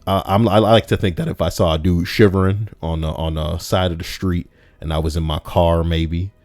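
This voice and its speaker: A man with a low, darkish voice reads stories aloud, recorded with no room sound. Between passages he breaks into brash, mocking, profane rants aimed at both the writer and the listener.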